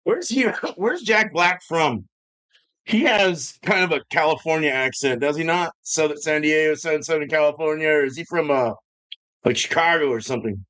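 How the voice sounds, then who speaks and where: A man's voice: fairly high pitch, normal speed, fairly bright tone. A man hosting a live stream from his home brewing setup, ranting in a loose, joking, profane way. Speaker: livestream host. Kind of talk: casual live-stream rant.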